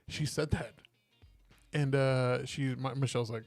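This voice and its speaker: A man's voice: mid-range voice, measured pace, no room sound, faint music behind. A man co-hosting a casual podcast, telling stories animatedly and acting out the people he quotes. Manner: animated storyteller who acts out quotes. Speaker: podcast co-host. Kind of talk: casual chat.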